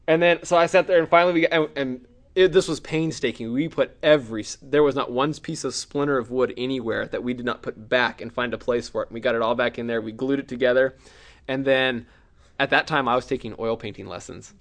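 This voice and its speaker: A middle-aged man preaching a sermon, telling a personal story with acted-out cries and shouts. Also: mid-range voice, steady tone, a little fast.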